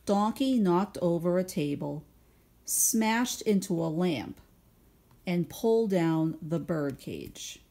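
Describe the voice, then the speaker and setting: A woman teacher reading a picture book aloud to young children at home over video, stopping to ask gentle guiding questions and explain her thinking patiently. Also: on the low side, expressive, takes it slowly.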